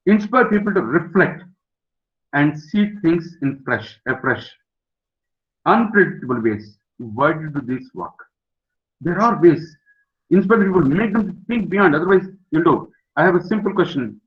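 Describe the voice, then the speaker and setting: A man's voice: on the high side, lively intonation, unhurried. An older man, a professor giving a webinar lecture to students, emphatic, repeating key words and putting questions to his audience. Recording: dull lo-fi webinar audio.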